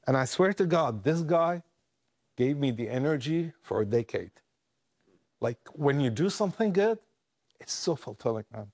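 A man who works with refugees, telling a personal story in an emotional, halting way with many restarts. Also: medium pitch, animated, a little mellow, no echo, clean studio sound. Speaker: guest, refugee aid worker.

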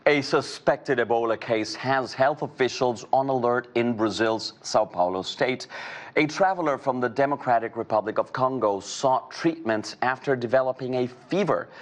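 Male news anchor reading the headlines. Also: mid-range voice. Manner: measured, formal.

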